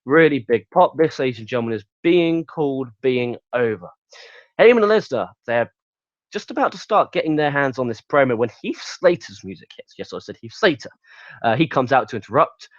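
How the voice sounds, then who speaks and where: A man's voice: medium pitch, expressive, fairly quick, dry recording, muffled recording. A man reviewing a wrestling show in casual solo commentary, talking bluntly and profanely with open exasperation.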